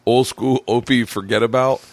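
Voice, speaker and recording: A man's voice: medium pitch, fairly even intonation, normal speed, dry recording. A man hosting a podcast in casual chat, rambling, laughing often and swearing. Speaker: podcast host.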